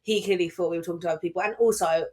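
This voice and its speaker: Young woman rattling off a story super quick, swears a lot, acts out all the quotes. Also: on the low side, fairly even intonation, darkish tone. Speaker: podcast co-host. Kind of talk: casual chat.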